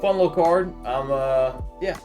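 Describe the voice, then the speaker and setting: Podcast co-host, male, thirties. Somewhat high voice, swears freely, acts out loud reactions while telling a story. Faint music behind. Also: measured pace. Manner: profane, acts out shouted reactions. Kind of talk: casual chat, animated storytelling.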